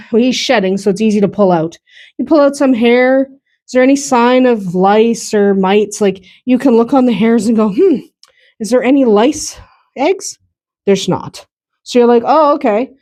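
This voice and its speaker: A woman's voice: a little high, darkish tone, dry recording. A woman hosting a casual farm vlog outdoors, chatting and laughing often as she handles the animals. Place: outdoors on a muddy, snowy farm.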